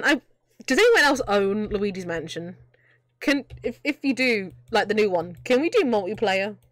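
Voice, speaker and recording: A woman's voice: mid-range voice, no echo, studio quality. A young woman giving chatty, jokey live commentary while she plays a video game, often breaking into laughter. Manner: chatty, giggly, jokey asides. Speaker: streamer playing a video game.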